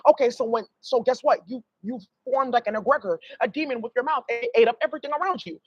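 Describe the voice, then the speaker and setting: A woman's voice: on the high side, fast, few pauses, slightly rough, dry recording, low-quality recording. A woman giving a blunt, rambling tarot reading to her viewers, emphatic and profane. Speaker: tarot reader.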